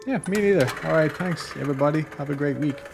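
A man hosting a podcast in a relaxed, casual way, swearing freely and using lots of fillers. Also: on the high side, quick pace, creaky, over music. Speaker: podcast host.

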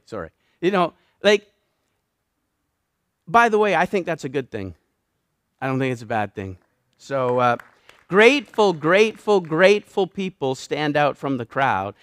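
A man's voice: medium pitch, fairly bright tone, dry recording, studio quality. A Canadian man with a Canadian accent preaching a sermon, emphatic and building his points through repeated phrases. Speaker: pastor.

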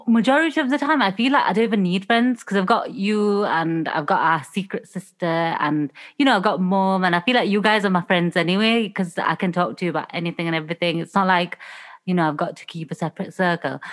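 A woman's voice: mid-range voice, fairly quick. A young woman with a Northern English accent co-hosting a podcast, chatting casually and rambling with frequent restarts. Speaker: podcast co-host. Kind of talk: casual chat.

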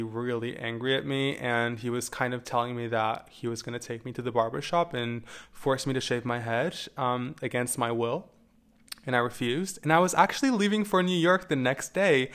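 A man's voice: medium pitch, moderate pace, a bit bright, clean tone. A young adult man telling personal stories to camera in a casual, candid way, swearing freely and adding wry asides. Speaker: vlogger.

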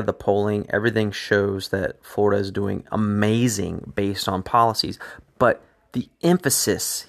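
A man's voice: lowish voice, vocal fry. A man hosting a political commentary show, talking emphatically and restarting his phrases as he builds his points. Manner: emphatic, repeats words while building points.

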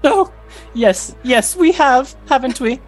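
A man voicing a vain, grand female ant queen in a high, gushing voice with trilling laughs. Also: expressive, takes it slowly, faint music behind, exaggerated voice. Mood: boastful.

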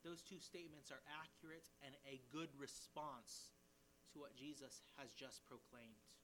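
A man as a pastor, teaching a sermon verse by verse with lively emphasis and paraphrased quotes. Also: medium pitch, unhurried, slight background noise.

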